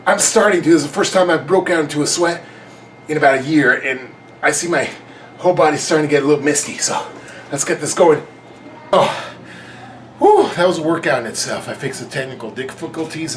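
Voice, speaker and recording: A man's voice: mid-range voice, fairly bright tone, a little hiss or hum, rough recording. A man vlogging his own workout in a casual, self-mocking way, counting reps aloud and out of breath. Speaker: fitness vlogger.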